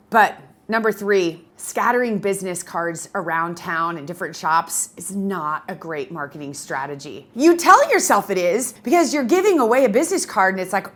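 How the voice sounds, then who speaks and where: A middle-aged woman coaching photographers in a casual talk to camera, animated and emphatic. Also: mid-range voice, moderate pace. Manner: animated and emphatic, acts out little voices.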